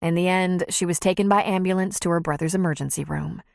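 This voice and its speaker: A woman narrating an audiobook in an expressive, measured reading. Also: lowish voice, gravelly, no echo, studio quality. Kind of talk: scripted narration.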